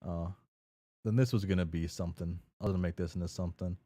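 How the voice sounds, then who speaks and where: Deep gravelly guy streaming a game, rambly and laid back, dark mellow tone. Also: steady tone, fast talker. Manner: rambling, many fillers and restarts. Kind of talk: casual game commentary.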